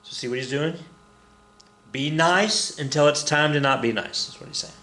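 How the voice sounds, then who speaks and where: A man's voice: on the high side, moderate pace, bright, forceful tone, slight background noise. A man teaching a history lecture in a casual, joking way, often repeating key points for emphasis. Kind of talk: recorded classroom lecture. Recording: echoey room.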